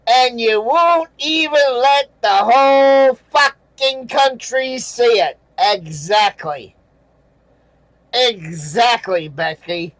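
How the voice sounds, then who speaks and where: A man with a fairly high voice rants at a slow, dragging pace, cursing and sarcastic as he reads out comments. He chuckles now and then between angry remarks. The sound is dry and close. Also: expressive, fairly bright tone, no room sound, rough recording. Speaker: channel host reading viewer comments. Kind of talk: casual ranting commentary.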